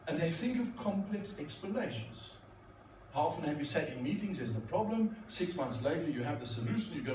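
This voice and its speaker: A man's brisk, rather high voice swings widely in pitch as he gives a joking keynote at a large conference hall. A corporate speaker and magician, he does magic tricks and playfully teases and talks to the crowd. The mic sits far away, catching hall echo and slight background noise.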